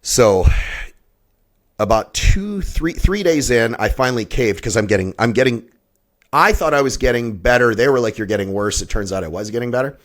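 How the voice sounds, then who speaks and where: A man's voice: mid-range voice, lively intonation, moderate pace, a bit bright. A man in his fifties, a podcast guest telling a personal story in an intense, blunt way and swearing often. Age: 50s. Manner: blunt, heavily profane, intense.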